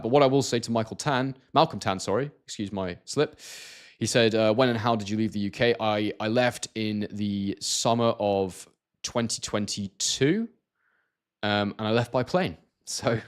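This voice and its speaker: A man from Scotland hosting a casual live stream, reading out viewer comments and talking with many hesitations and restarts. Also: fairly low pitch.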